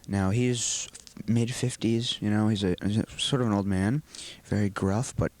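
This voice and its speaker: A teenage boy with a fairly low voice answers questions for a school video. He talks earnestly and rambles through long explanations. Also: fairly even intonation, moderate pace, a little mellow. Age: teens. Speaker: student actor being interviewed.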